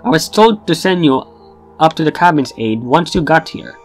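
A man's voice: on the high side, lively intonation, normal speed, faint music behind. A man voicing a bossy young male ship bartender who talks like a drill sergeant, barking orders in an officious way. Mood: chummy. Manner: barking, officious, then chummy.

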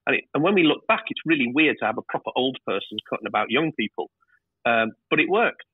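A man, a TV director, telling lively stories in a casual interview and swearing freely. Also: medium pitch, fast talker, breathy edge, dry recording. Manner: animated storyteller, swears freely. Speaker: TV director, guest. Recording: tinny phone-like line.

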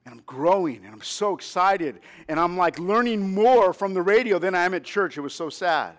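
High-voiced preaching man in his fifties. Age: 50s. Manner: storytelling, drops to a hush then rises to emphatic calls; asks the congregation for responses. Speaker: pastor. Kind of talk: sermon.

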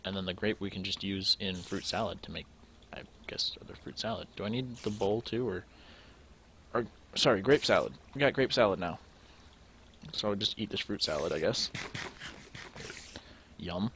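Young man, low voice, casual gameplay commentary, thinking aloud, faint background hum. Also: moderate pace, pauses often, fairly bright tone. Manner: thinking aloud, musing to himself while sorting items. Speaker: let's play gamer.

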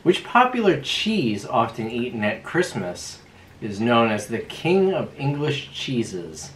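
A man's voice: mid-range voice, big pitch swings, slow, a bit bright, roomy sound, a little hiss or hum. A man on a casual trivia vlog, joking around with dry, teasing remarks. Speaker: guest on a vlog.

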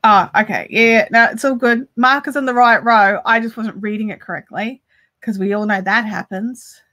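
A woman chats on a live stream while she crochets. Her voice is bright and a little high, and she talks straight to the viewers as she reads their comments out. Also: moderate pace. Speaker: crochet livestream host.

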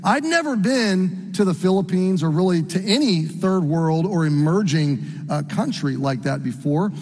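A middle-aged man from the United States preaching a sermon as a story, earnest and halting with frequent restarts. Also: high-pitched, expressive, darkish tone, in a large hall. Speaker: pastor.

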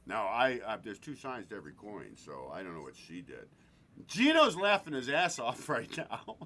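A man's voice: mid-range voice, wildly swooping pitch, normal speed, bright, forceful tone, slight background noise. A man hosting a podcast in a crude, joking casual chat, laughing often. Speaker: podcast host.

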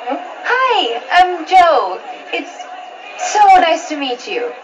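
A woman's voice: extremely high pitch, big pitch swings, drawn-out words, over music, crowd noise, heavily acted. An actress playing a friendly, poised teenage girl who teases dryly in a sitcom. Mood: wry. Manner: polite, dry and lightly mocking. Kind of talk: sitcom acting. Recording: distant, dull TV audio.

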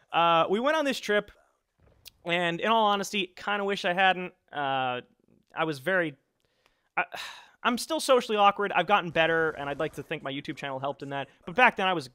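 A young man tells a funny personal story to the camera, joking at his own expense. His voice sits high and bright, and his pitch swings widely as he talks. The sound is close and dry, with almost no room echo. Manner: animated, self-mocking, jokey. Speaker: vlogger.

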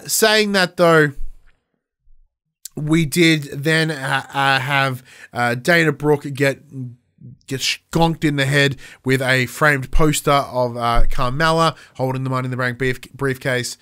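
A man's voice: fairly high pitch, a bit bright, clear, resonant tone. A man hosting a podcast, reviewing in a casual monologue with lots of fillers and playful acted-out quotes. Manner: chatty, lots of fillers, acts out quotes with a raised voice. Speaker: podcast host.

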